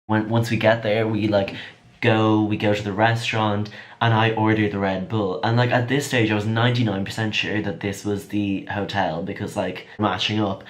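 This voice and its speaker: A young man telling a chatty, excitable storytime vlog. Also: lowish voice, moderate pace. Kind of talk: casual storytime.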